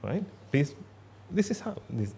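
A man's voice: a little high, sing-song, unhurried, vocal fry, warm tone, slight background noise. A man giving a Buddhist sermon in a blunt, emphatic way, repeating himself for stress. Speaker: Buddhist monk.

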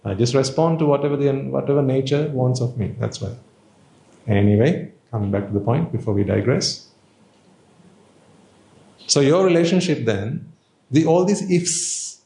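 A man's voice: medium pitch, measured pace, vocal fry, long pauses, dark tone, echoey room. A man giving an informal Buddhist dharma talk, conversational and playful, full of rhetorical questions. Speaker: Buddhist teacher.

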